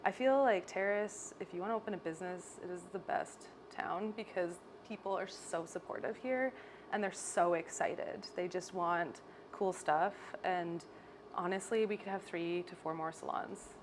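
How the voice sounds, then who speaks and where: A woman's voice: on the low side, normal speed, a little hiss or hum. Bubbly Canadian woman, salon chat. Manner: bubbly, laughs often, animated storytelling. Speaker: salon owner. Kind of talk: casual interview chat. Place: hair salon.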